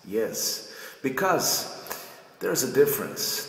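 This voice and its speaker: A man from Europe coaching actors in a relaxed tutorial, his voice fairly low and unhurried. He repeats phrases while demonstrating by example. The sound rings around a bare, very echoey room with a long reverb tail. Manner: slow, repetitive, demonstrates by example. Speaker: acting coach. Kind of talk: casual acting tutorial.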